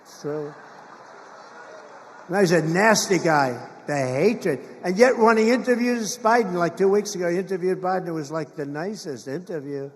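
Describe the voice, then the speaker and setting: Man, fairly high voice, rambling mocking rally speech, long hall echo. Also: expressive, normal speed, creaky. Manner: boastful, mocking, repetitive asides to the crowd. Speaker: political candidate at a rally. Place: large rally venue.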